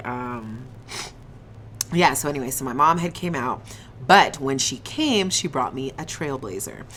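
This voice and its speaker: A young woman telling a casual storytime on her vlog, animated and slangy, swearing and laughing often, eating on camera. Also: rumbling low, a little hiss or hum. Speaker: vlogger.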